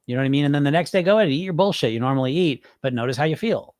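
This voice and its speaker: A male podcast host talks loosely through viewer comments. He rambles and swears freely. His voice sits on the higher side, and the sound is dry and close. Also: rapid-fire, no room sound. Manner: animated, profane, rambling. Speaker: podcast host and weight-loss coach. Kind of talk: casual podcast chat answering viewer comments.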